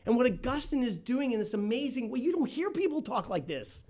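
A man delivering a sermon, moving between quick asides and slow, loud, emphatic lines. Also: very high-pitched, very animated. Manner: impassioned preaching with sudden loud and slow emphatic phrases. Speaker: pastor.

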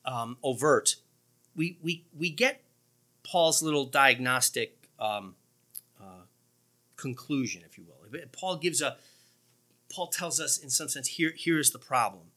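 A male preacher delivering a sermon with a bright, forward voice. His delivery swings widely in pitch, and he leans hard into sarcastic lines and throws in quick remarks to the congregation. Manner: animated, sarcastic emphasis, quick asides to the congregation. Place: church.

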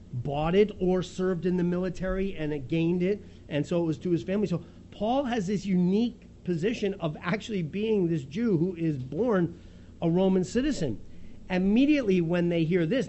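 A pastor with a fairly high voice delivers a sermon as lively storytelling, acting out the scene with animated chuckles. The sound is lo-fi, with a faint hum beneath his voice.

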